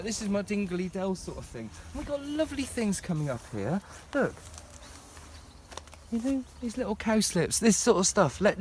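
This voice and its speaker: A man's voice: sits high, slight background noise. A man giving a passionate, emotional walking tour of his plant nursery, talking to camera outdoors.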